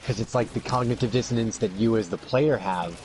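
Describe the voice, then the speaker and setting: A man's voice: on the low side, a little fast, darkish tone, slight background noise. A man hosting a podcast in casual chat, rambling with constant fillers and swearing. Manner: rambling, profane, heavy "like" filler. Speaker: podcast host.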